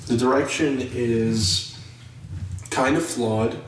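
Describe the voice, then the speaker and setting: A young man in casual podcast chat about movies, rambling and animated. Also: mid-range voice, takes it slowly. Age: young adult. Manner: rambling, animated, mocks actors' accents. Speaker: podcast co-host. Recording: echoey room, distant mic, faint noise.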